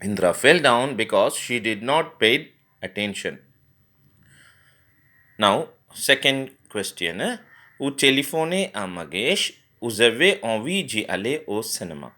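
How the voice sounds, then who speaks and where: Male tutor, mid-pitched, halting explainer who spells verbs out letter by letter. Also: very animated, pushed and bright. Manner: spells words letter by letter, frequent fillers and restarts. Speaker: French teacher. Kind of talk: grammar lesson explanation.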